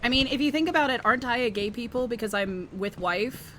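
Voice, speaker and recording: Woman, game streamer, crude loud jokes, casual chat, noisy audio. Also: on the high side, animated, fast. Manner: crude, loud joking with frequent laughter.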